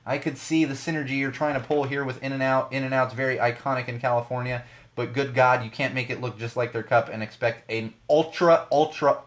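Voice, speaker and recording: A man's voice: medium pitch, normal speed. A man in his thirties hosting a podcast, giving casual, sarcastic news commentary on a live feed and laughing as he talks. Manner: sarcastic, laughs while talking, animated swings in loudness. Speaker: podcast host.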